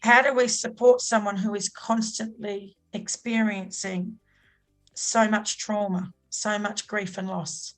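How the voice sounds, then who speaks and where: A woman's voice: medium pitch, level tone, slow, fairly bright tone, soft background music, rough recording. A middle-aged Australian woman, a podcast guest speaking earnestly and with heartfelt emphasis. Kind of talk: podcast interview.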